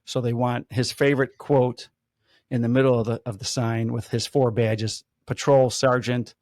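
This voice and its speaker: Man, 50s, lively storyteller, dry close sound. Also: medium pitch, moderate pace, no echo. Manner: animated storyteller, acts out quotes. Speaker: podcast host, police officer. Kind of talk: casual storytelling chat.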